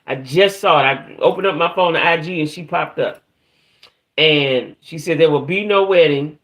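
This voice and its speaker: Hosting a relaxed livestream on her reality TV talk channel, a woman chats in a rambling way and speaks straight to her audience, sometimes trailing off as she searches for a name. Her voice is low-pitched and her pace moderate.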